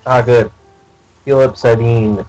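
A man playing a tabletop game, chatting casually and quick to correct the others on the rules. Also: mid-range voice, fairly even intonation, a little mellow, dull audio, soft background music. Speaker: player.

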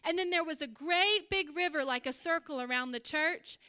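A middle-aged woman preaches a sermon from a church stage. She tells stories with animation and energy. Her voice sits high and sounds bright and forward. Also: normal speed. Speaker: pastor.

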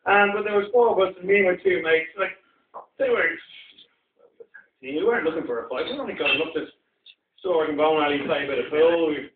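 A man's voice: on the high side, brisk, pauses often, a little hiss or hum. A man with a London accent doing a rambling stand-up set, chatting with the crowd in a small pub venue. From England. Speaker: stand-up comedian. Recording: distant, tinny, echoey room recording.

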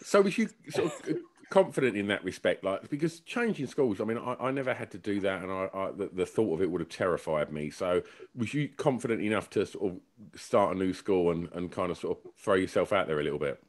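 A man's voice: low-pitched, expressive, brisk. A man hosting a podcast, asking loose, friendly questions. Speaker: podcast host. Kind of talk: casual interview chat.

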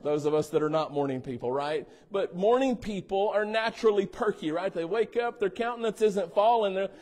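This pastor has a high voice that's a little mellow, and he moves along fairly quickly. Preaching to his congregation in the sanctuary, he teases them playfully and invites their replies.

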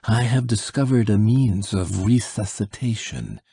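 A dying old nobleman speaks in a deep, gravelly, raspy voice, read out by a male storyteller. He sounds weak yet commanding, pressing his words with slow insistence. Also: animated, warm tone, no room sound, full character voice. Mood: insistent.

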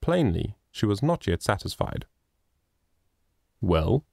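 A man narrating a moral children's story in a measured, expressive reading. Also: on the low side, no echo, clean studio sound. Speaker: audiobook narrator.

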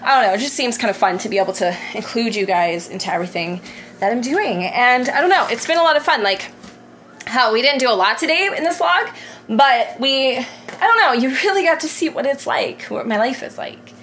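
Bright, giggly chatty woman vlogger. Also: fairly high pitch, expressive, a little fast. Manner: giggly, rambling, lots of "like" and "I don't know". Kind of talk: casual chatty vlog. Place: at home, putting away groceries. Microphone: handheld vlog camera.

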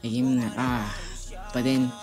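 A man talking casually in an interview, halting as he explains he couldn't keep quiet. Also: mid-range voice, flat delivery, faint music behind.

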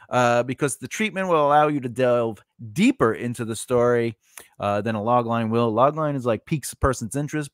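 A man's voice: mid-range voice, no room sound, clean studio sound. Chatty man explaining screenwriting steps. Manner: chatty, lively, with asides and filler words. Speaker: screenwriting channel host. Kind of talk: casual teaching monologue.

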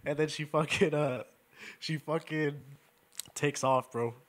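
A young man with a high voice tells stories on a casual podcast. He swears a lot, gets animated and laughs often as he goes. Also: takes it slowly. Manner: profane, animated, laughs while telling stories. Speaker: podcast host. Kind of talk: casual storytelling.

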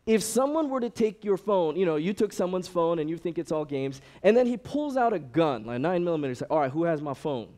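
Speaking briskly with hardly any pauses, a man in a high-pitched voice gives a sermon-style talk as a ministry director. He tells animated stories in a conversational way, full of fillers, performing the voices of those he quotes.

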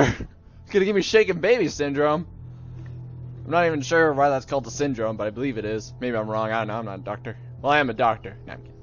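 A young man giving casual, joking let's-play commentary on a game, jumpy and yelling at it when startled. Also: medium pitch, fast, muffled recording, faint music behind. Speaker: gaming video host.

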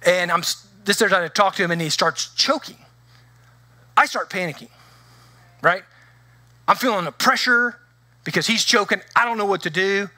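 High-voiced, bright preaching man. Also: moderate pace, long pauses, no echo. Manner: animated storytelling with acted-out voices. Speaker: pastor. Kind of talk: sermon.

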